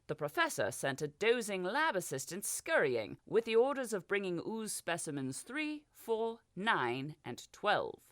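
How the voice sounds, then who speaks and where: A woman's voice: mid-range voice, big pitch swings, measured pace, few pauses, no room sound, studio quality. A woman reading a fantasy audiobook as narrator, giving the characters small voice shifts. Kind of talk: scripted narration.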